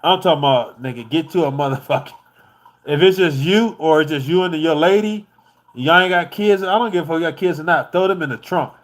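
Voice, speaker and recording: A man's voice: on the high side, fairly quick. A man from the United States telling a travel story in a loose, profane, laid-back way, laughing as he goes. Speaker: vlogger.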